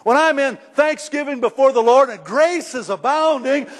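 A middle-aged male pastor preaching a sermon in a church, conversational and emphatic, rising to shouts at times. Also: very high-pitched, normal speed. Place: church sanctuary. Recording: long hall reverb.

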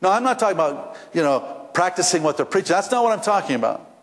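A man's voice: sits high, very animated, fast. A man preaching a sermon as the church's pastor, telling folksy stories with frequent restarts and repeated words. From western United States. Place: church sanctuary. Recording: long reverb of a church sanctuary.

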